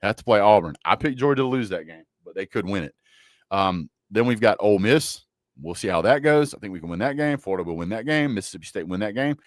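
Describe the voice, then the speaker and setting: A man's voice: on the low side, expressive, fast, dry recording. A man hosting a casual college football livestream, joking and trash-talking bluntly about teams and players. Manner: joking, blunt trash talk with a Southern drawl of words. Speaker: sports livestream host.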